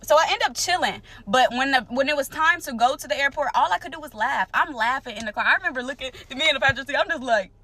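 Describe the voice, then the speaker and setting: Animated young woman telling a storytime. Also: fast, few pauses. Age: young adult. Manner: animated, talks straight to viewers, acts out quotes; wide swings in pitch and loudness. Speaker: storyteller vlogger. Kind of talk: casual storytime to camera.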